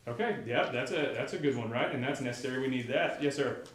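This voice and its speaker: A man's voice: mid-range voice, fast, a little hiss or hum. A man teaching a Bible class in a casual, conversational way, often asking the class questions. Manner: conversational, asks the class questions, many fillers. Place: classroom or church hall. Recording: echoey room.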